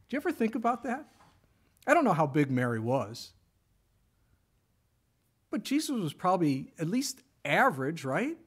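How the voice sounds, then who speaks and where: A middle-aged man preaching a sermon in a casual, conversational way, telling the story with lively emphasis and dropping to a whisper for quoted words. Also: high-pitched, normal speed, long pauses, breathy edge. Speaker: pastor.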